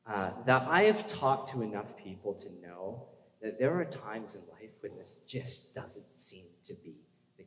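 A man preaching a sermon in a conversational way, asking the congregation questions and building to urgent emphasis. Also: medium pitch. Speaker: pastor. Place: church hall. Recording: echoey hall with long reverb.

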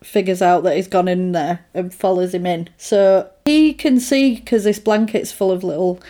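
A woman casually retelling a film plot, animated and acting out the characters' lines. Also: fairly low pitch, moderate pace.

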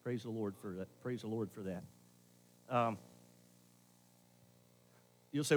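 A middle-aged pastor preaching a sermon, talking to the congregation in a conversational way, swinging between loud emphasis and quiet asides. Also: male voice, lowish voice, takes it slowly, pauses often.

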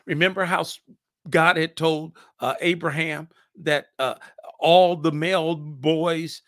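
High, gravelly-voiced man preaching. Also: steady tone, slow, fairly bright tone, dry recording, clean studio sound. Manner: impassioned preaching with repeated phrases; acts out scripture dialogue. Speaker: pastor. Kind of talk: podcast sermon.

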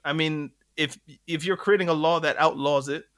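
A man co-hosting a podcast, telling a story in animated casual chat and laughing between points. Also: fairly high pitch, normal speed. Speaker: podcast co-host.

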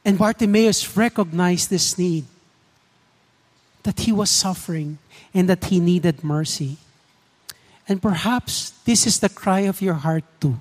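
A man's voice: sits high, measured pace, pauses often. A man preaching a sermon. He talks earnestly and keeps asking the congregation questions. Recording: echoey hall reverb.

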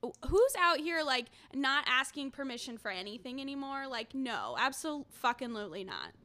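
A young woman co-hosting a podcast in casual chat, blunt and quick to react, with some swearing. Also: high voice, sing-song, bright, forceful tone. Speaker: podcast co-host.

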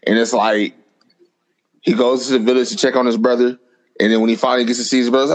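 A man co-hosting a podcast in casual chat, relaxed and joking as he quotes memes. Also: medium pitch, fast, rough recording. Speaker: podcast co-host.

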